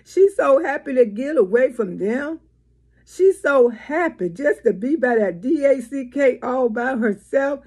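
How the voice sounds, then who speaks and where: A woman's voice: high voice, animated, unhurried, a little mellow, husky. A woman giving blunt, profane, scolding commentary in a vlog. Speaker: vlogger.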